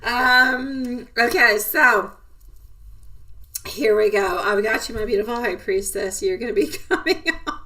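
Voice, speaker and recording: Woman tarot reader, live-stream chat, giggly and affectionate, slow-paced, a bit off-mic. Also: fairly high pitch, sharp tone, distant mic.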